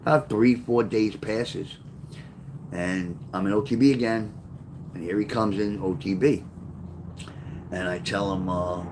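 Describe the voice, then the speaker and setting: A man's voice: lowish voice, fairly even intonation, measured pace, long pauses, background noise. A middle-aged man, casually telling a street story on his livestream, in a rambling, profane way. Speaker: author livestreaming to chat.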